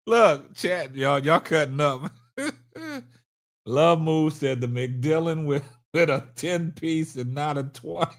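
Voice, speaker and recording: A man's voice: fairly high pitch, fairly bright tone. A man hosting a live stream, laughing hard and whooping between casual remarks to his chat. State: laughing to tears. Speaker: livestream host.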